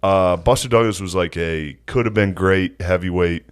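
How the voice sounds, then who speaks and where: A man's voice: low-pitched, moderate pace, clean tone. A young man co-hosting a podcast, telling stories in casual, profane talk and laughing often. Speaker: podcast co-host. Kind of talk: casual chat.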